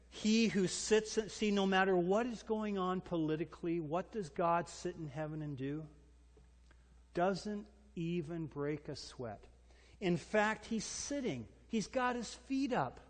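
Animated preaching man in a reverberant hall. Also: high voice. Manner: animated, emphatic preaching with rhetorical questions. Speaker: pastor. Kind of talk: sermon.

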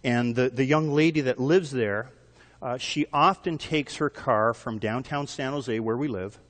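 A man's voice: mid-range voice, a little slow. Earnest male pastor preaching in a hall. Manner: earnest, builds emphasis with repeated phrases. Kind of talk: sermon.

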